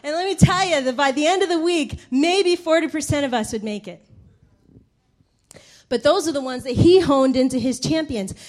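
A woman with a very high, bright voice delivers a sermon through a personal story. She laughs easily and slips into the voices of the people she describes. Her delivery is lively and conversational. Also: normal speed. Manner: animated, laughing, acts out the people in her stories. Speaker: preacher.

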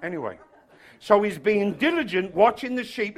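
A man preaching a sermon, swinging from loud shouted passages to quiet, chatty, humorous asides. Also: high voice, animated, normal speed. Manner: tells stories with humor.

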